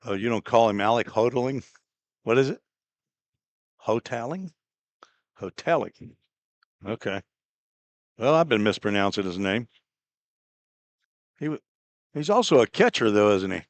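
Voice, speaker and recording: A man calls a baseball game in an unhurried, conversational way, filling the gaps between pitches with casual remarks. His voice sits low, and the recording is dry and close, with no room sound. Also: dry recording. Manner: relaxed, chatty, laughs at own slips. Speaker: play-by-play announcer. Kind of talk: baseball play-by-play commentary.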